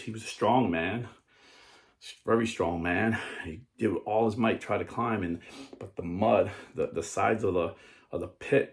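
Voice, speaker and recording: A man preaching an earnest sermon and telling a parable, often restarting and repeating words. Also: fairly low pitch. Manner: tells a parable. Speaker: Catholic preacher.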